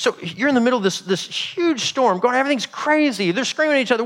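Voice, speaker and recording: Animated, high-pitched male preacher. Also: fast, hardly any pauses. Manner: animated storytelling, acting out characters, dramatic volume swings. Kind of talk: sermon.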